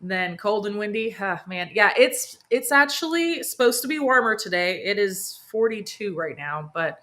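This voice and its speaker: Bright, chatty woman gardening host. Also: mid-range voice, expressive, moderate pace. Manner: chatty, enthusiastic, frequent laughs and fillers. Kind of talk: live stream chat. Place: home near a sunroom.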